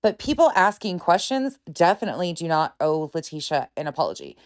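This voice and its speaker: A woman's voice: fairly low pitch, very animated, a little fast. A woman hosting a reaction commentary, exasperated and sarcastic as she picks apart claims. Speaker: commentary channel host.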